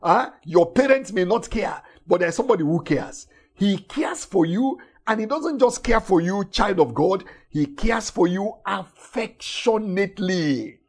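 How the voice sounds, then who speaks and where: A man preaching a sermon emphatically, repeating phrases and swinging between shouted emphasis and soft, intimate lines. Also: high voice, breathy edge.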